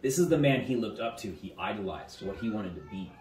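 A man narrating a tabletop game as game master, halting now and then and repeating words. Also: fairly low pitch, lively intonation, a crowd in the background. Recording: roomy, distant mic, faint music.

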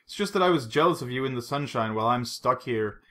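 A guy reading a curt hurt spy, dry clipped lines, bright edgy voice. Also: medium pitch, lively intonation, fast, natural voice. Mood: gentle.

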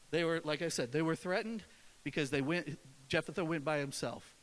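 A man's voice: fairly high pitch, normal speed. A man with a northern US accent giving an informal, conversational sermon with an emphatic delivery and frequent restarts. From northern United States. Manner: conversational, with many fillers and restarts. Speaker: preacher.

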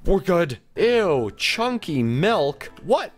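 An excitable, jokey man giving let's-play commentary on a game as its host, gasping and squealing as he plays, over faint background music. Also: high-pitched, very slow. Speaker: gaming video host.

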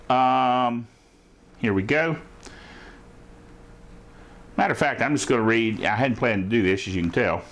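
A man preaching a sermon who reads scripture slowly and often asks the listeners "Amen?". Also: medium pitch, fairly bright tone. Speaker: pastor.

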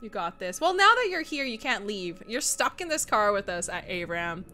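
A woman's voice: medium pitch, very animated, moderate pace, sharp tone. A young woman from Canada chatting casually while livestreaming a horror game, giggling and reading chat aloud. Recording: music playing underneath.

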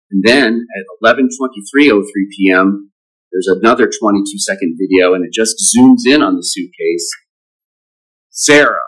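A man's voice: lowish voice, fairly bright tone, rough recording. A man speaking as a prosecutor, laying out his case to a judge in a firm, methodical courtroom argument. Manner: firm, methodical, lays out evidence step by step.

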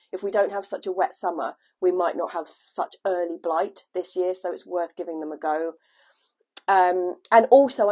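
A woman chatting casually at home on her gardening vlog, her voice lowered by a cold, laughing at herself now and then. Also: darkish tone. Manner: chatty, self-deprecating, laughs often. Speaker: gardening vlogger. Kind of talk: casual chat. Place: at home indoors, at a desk.

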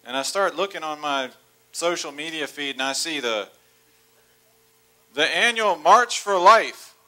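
A man in his forties tells a comic story from the pulpit, laughing as he goes and building to excited near-shouts. His voice sits a little high and rings bright and forceful. He preaches in a church. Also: measured pace. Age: 40s. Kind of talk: storytelling sermon. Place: church sanctuary.

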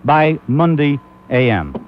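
A man's voice: a little high, big pitch swings, takes it slowly, slight background noise. A man hosting a comic talk radio show, rambling and laughing often. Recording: muffled old AM radio recording.

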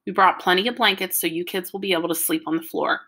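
A woman reading an audiobook, voicing a mother who calmly reads out a carefully organized plan for a family road trip. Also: fairly low pitch, fast, breathy edge, heavily acted. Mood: planning. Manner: orderly, matter-of-fact, explaining.

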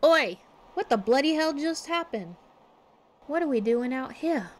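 A woman voicing a cheeky, rough-talking young girl adventurer in an attempted Australian accent. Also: high-pitched, lively intonation, measured pace, voice pushed up. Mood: brash. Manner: cheeky, exclaiming, slangy.

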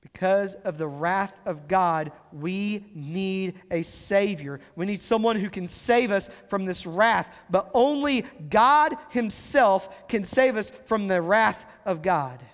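A man preaching a sermon as pastor, explaining scripture and slowing down to stress key phrases. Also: sits high, big-room sound. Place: church sanctuary.

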